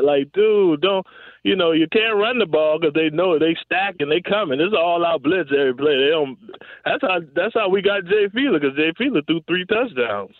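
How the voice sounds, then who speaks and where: A man's voice: high voice, no echo. A man, a former pro football receiver, telling stories in a casual interview, laughing often and leaning on "you know what I'm saying". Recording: dry, tinny phone-like line.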